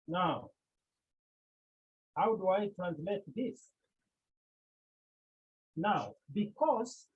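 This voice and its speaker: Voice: mid-range voice, a little mellow, breathy edge, lo-fi sound. A Greek teacher from Cameroon, lecturing a class, repeating key words and asking the students rhetorical questions.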